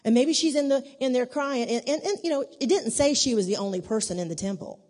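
A woman with a fairly high voice teaches a church group in a loose, conversational way, animated and full of stories. She acts out the dialogue as she goes. Her voice rings with the long reverb of a large hall. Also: fast talker.

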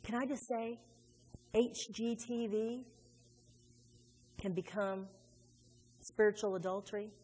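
Animated woman preaching in a reverberant hall. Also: mid-range voice, takes it slowly, pauses often. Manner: animated, conversational preaching with acted-out quotes. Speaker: pastor. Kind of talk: sermon. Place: large church sanctuary. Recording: reverberant hall with faint music.

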